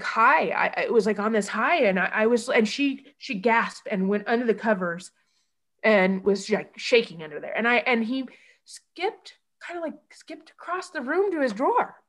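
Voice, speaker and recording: A woman from Iowa recounting a personal ordeal as a mother, in a halting, emotional way with many false starts. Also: sits high, fairly bright tone. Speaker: mother telling her own story.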